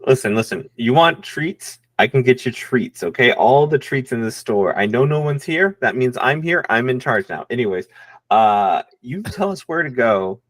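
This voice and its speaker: Guy player in a tabletop game, super lively swoopy voice, playful, dry mic. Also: medium pitch, moderate pace, no echo. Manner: playful, laughing, hamming it up. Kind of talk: tabletop role-play.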